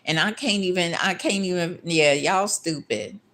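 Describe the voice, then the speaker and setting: A woman vlogger ranting to her viewers in a casual monologue, with a voice sitting a little low for a woman. She is blunt and heavily profane, and she circles back over the same angry words as she works herself up. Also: moderate pace, a bit bright. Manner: angry, repeats herself when worked up.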